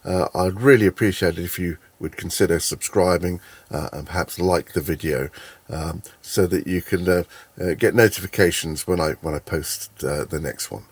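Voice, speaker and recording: A man's voice: low-pitched, moderate pace, slightly rough, no echo. A man giving a casual tutorial, hesitating often with fillers and restarts. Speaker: tutorial creator.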